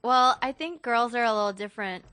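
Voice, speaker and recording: A woman's voice: a little high, brisk, bright, forceful tone, smooth, no echo. A woman joining a casual podcast chat with brief, laughing replies.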